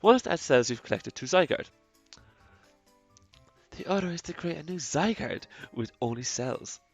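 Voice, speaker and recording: A man reading game characters aloud in a mock French accent, quiet and halting with stumbles. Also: a little high, lively intonation, soft background music, voice pushed up.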